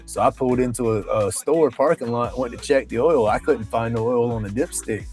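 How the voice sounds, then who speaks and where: A man's voice: mid-range voice, brisk, a little mellow, faint music behind. Rambling man telling a story. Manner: rambling, colloquial, profane, with Southern phrasing. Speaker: livestream host. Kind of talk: casual storytelling chat.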